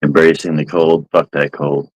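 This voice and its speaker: Deep-voiced man, teasing and laughing. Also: level tone, normal speed, slightly rough, rough recording. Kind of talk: casual chat.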